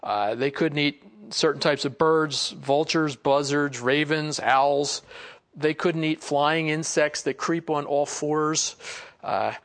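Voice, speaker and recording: A man preaching a Bible lesson in a relaxed, conversational way, acting out quoted lines and chuckling as he goes. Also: a little high, slow. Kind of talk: sermon.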